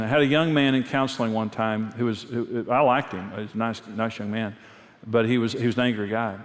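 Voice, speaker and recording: With a lowish, steady voice that moves a little fast, a pastor and marriage speaker recounts personal stories in an earnest, conversational sermon, repeating his main phrases. The long reverb of a large hall colors the recording.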